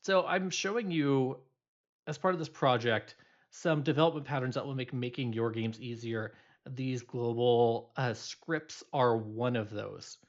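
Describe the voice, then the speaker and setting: A man's voice: mid-range voice, a little slow, muffled recording. A male instructor giving a recorded programming lecture, explaining loosely with many fillers and restarts.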